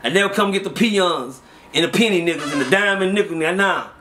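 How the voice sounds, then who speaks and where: A middle-aged man, telling street stories in a loose, animated way, acting out quotes and laughing often. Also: high-pitched, brisk, a little hiss or hum. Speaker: interview guest. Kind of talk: casual street storytelling.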